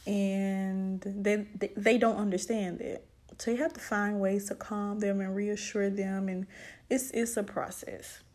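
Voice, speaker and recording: A woman's voice: medium pitch, flat delivery, unhurried, darkish tone. A young woman telling her own story as a single mother and autism advocate, with emotional reenactments of her own thoughts. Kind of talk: personal testimonial.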